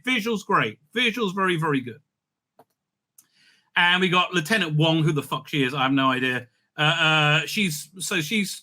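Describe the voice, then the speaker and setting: A man's voice: sits high, sharp tone. A man hosting a casual, sarcastic review rant, swearing often and stumbling over fillers. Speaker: reviewer, channel host.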